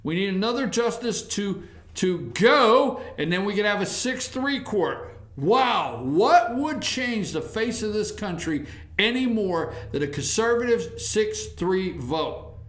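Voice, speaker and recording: A man's voice: high-pitched, expressive, takes it slowly, fairly bright tone, roomy sound. A man hosting a talk show, ranting through sarcastic political commentary.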